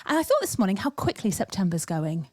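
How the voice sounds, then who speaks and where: A woman's voice: mid-range voice, huge pitch swings, quick pace, a little mellow, no echo. A woman from England co-hosting a podcast, telling stories in a blunt, cheeky casual chat. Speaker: podcast co-host.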